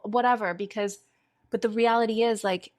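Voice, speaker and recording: A woman's voice: mid-range voice, moderate pace. A young woman hosting a podcast, speaking in an encouraging, reflective way as she responds to her guest's story. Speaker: podcast host. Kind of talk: conversational interview.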